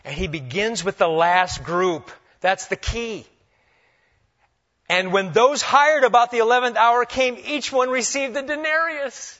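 A man preaching a sermon, swinging between loud emphasis and hushed, humorous asides. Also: extremely high pitch, measured pace. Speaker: pastor. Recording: dull lo-fi recording.

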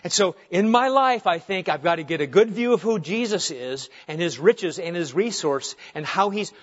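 Guy preaching a sermon, emphatic, lots of questions, kinda higher voice, muffled recording. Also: expressive, moderate pace. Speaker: pastor. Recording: dull lo-fi sound.

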